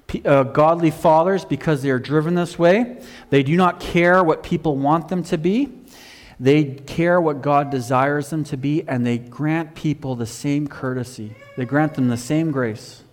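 Man preaching in a reverberant hall. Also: unhurried. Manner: animated storytelling, rising loud for emphasis then dropping low. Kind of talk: sermon.

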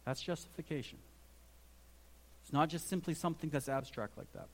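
A man's voice: on the high side, quick pace. A man preaching a sermon with earnest emphasis, now and then restarting his phrases as he builds his point. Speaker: pastor.

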